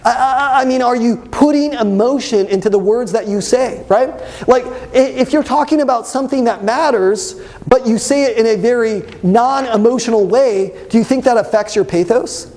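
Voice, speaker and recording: A young man teaching a debate class, lively and constantly asking his students questions. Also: very high-pitched, normal speed. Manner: animated, asks the class questions. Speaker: debate instructor. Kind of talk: classroom lecture.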